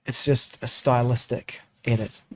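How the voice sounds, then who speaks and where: A man's voice: mid-range voice, steady tone, a little slow, a bit bright, a little hiss or hum. A man in a casual study discussion, explaining editing details and thinking aloud with frequent restarts. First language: English. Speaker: co-host discussing scripture editions.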